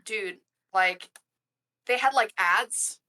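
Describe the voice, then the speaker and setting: Bright-voiced, crude-talking woman. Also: extremely slow. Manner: loud, crude, lots of swearing and filler; high-pitched snorting laugh. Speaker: game systems designer, guest. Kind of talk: casual storytelling chat.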